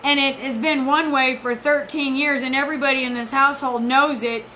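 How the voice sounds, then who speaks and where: Intense rambling woman, bright-toned. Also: high voice, steady tone, brisk, slight background noise, rough recording. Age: 40s. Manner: intense, rambling, profane, jumps between topics. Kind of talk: rambling personal monologue.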